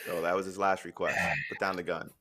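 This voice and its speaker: A man's voice: sits low, level tone, fast, bright, forceful tone. A man hosting a live stream, talking bluntly and profanely in an opinionated rant, then telling jokes and reading a news story aloud. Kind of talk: opinionated casual talk.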